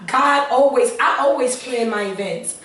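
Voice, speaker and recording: Her voice is a little high and fairly bright, moving at normal speed through a distant mic. Telling her personal testimony as an interview guest, this earnest woman repeats phrases and adds prayerful asides. Echo fills the room, she's somewhat off-mic, and faint noise hums behind her.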